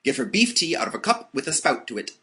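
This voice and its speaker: A man's voice: a little high, very animated, fast, pushed and bright, pitched above the performer's own voice. A man voicing a solemn, agreeable boy who plays at being a doctor.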